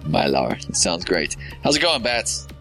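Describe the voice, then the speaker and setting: A man's voice: mid-range voice, animated, normal speed, fairly bright tone, soft background music. A man co-hosting a casual gaming podcast, playful and rambling. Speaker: podcast co-host. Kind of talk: casual chat.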